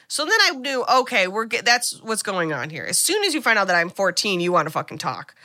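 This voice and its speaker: In a brisk, bright, forceful voice of medium pitch with big pitch swings and hardly any pauses, a podcast co-host retells a movie plot. The recording is studio quality with no room sound, and her casual film chat is packed with "like" and the occasional swear, said freely.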